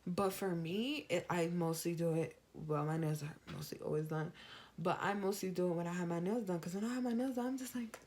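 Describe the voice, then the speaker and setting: A young woman talks to camera in a casual advice vlog. Her speaking voice sits a little low, and she jumps up in pitch whenever she acts out what someone else says. She is chatty and animated throughout. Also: brisk. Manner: chatty, animated, acts out quoted lines in a higher voice. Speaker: vlogger.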